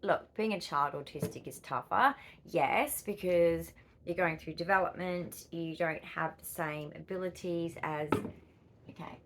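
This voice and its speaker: A woman's voice: lowish voice, measured pace, noisy background. A middle-aged woman from Australia with an Australian accent, chatting casually to camera in a rambling, easily distracted way. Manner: rambling and easily distracted, with frequent fillers and laughs. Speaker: vlogger.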